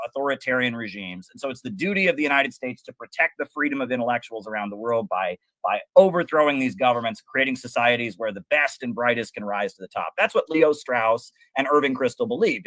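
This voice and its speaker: A man with a mid-range, fairly bright voice speaks briskly with lively intonation, recorded dry. He co-hosts a political talk show, lecturing as he explains history and ideas in political commentary chat.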